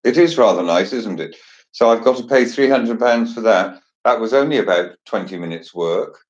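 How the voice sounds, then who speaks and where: A man's voice: on the low side, expressive, normal speed, highs cut off. A man hosting a casual chat, joking and chatty with theatrical asides. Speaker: host.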